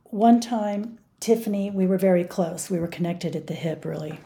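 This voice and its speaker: A woman's voice: on the low side, normal speed, creaky, mellow. A middle-aged woman speaking earnestly and with emphasis as an interview guest. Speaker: guest, mother of a victim. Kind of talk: interview conversation.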